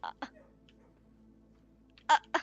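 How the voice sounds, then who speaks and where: A woman giving let's play commentary, excitable and giggly, chatting to her viewers and cooing at in-game pets. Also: drawn-out words, no echo, dull audio, faint music behind.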